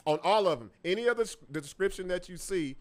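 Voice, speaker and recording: A man co-hosting a live podcast with a somewhat high-pitched voice. He talks in loose, joking slang. He reads viewer shout-outs between bits of banter. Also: expressive, fast. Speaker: podcast co-host. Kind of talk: casual livestream chat.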